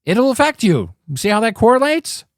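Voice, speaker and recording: A man's voice: very high-pitched, big pitch swings, moderate pace, no echo, studio quality. A man hosting a podcast, ranting angrily about politics, swearing freely and rambling with frequent restarts. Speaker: podcast host. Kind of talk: profane political commentary rant.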